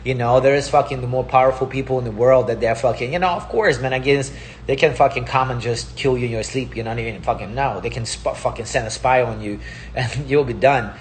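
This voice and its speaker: A man's voice: medium pitch, a little fast, slight background noise. A man with Russian as his first language, giving a heated, profane casual monologue and repeating himself. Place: Palm Springs.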